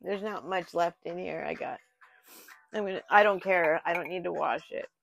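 A woman's voice: fairly low pitch, moderate pace, creaky, fairly bright tone, faint music behind. A woman hosting an unboxing vlog, thinking aloud and easily moved as she goes through the items. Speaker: channel host. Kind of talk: unboxing vlog, talking to herself.

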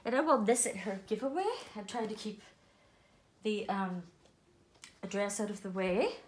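A woman chatting casually to viewers as she unboxes a doll parcel, gushing and excitable. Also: medium pitch, normal speed, echoey room. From Ireland. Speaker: doll collector vlogger.

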